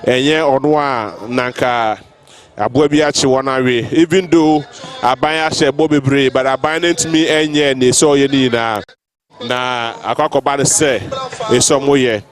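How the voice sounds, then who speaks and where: A man's voice: mid-range voice, fairly even intonation. A man with a mid-range voice speaks to a festival gathering outdoors. He hesitates often, fills gaps with ums and uhs, and slides between English and Twi as he goes. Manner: halting, many fillers. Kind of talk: public remarks mixing English and Twi.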